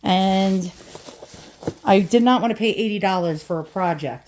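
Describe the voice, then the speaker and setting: A woman's voice: mid-range voice, a little slow, darkish tone, a little hiss or hum. A woman vlogger chatting casually through an antique unboxing, rambling and self-deprecating with lots of restarts.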